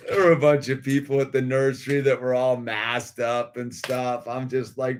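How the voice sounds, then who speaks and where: A man's voice: medium pitch, flat delivery, moderate pace, few pauses, slight background noise. A middle-aged man telling a rambling story in laid-back slang, calling everyone dude and laughing often. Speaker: video creator.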